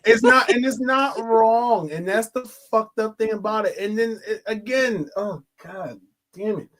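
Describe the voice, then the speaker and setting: A woman co-hosting a casual film review chat, talking in an animated, profane way and repeating phrases for emphasis. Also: fairly high pitch, a little slow.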